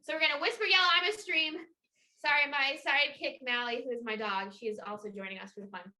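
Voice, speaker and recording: Bubbly high-voiced woman teaching kids. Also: fairly quick. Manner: energetic, encouraging, playful. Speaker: children's water festival educator. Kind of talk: upbeat lesson for children with movements. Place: home, indoors. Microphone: video call.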